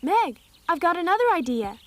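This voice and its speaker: A woman's voice: very high-pitched, very animated, fairly quick, dry recording. A woman voicing Joe, a bookish, hot-tempered teenage girl in a dubbed cartoon. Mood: teasing.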